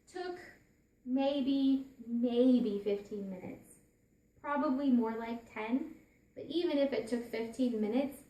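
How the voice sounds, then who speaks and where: A woman's voice: fairly high pitch, roomy sound. A woman giving a personal storytelling talk as a parent, earnest, often restarting and repeating her phrases.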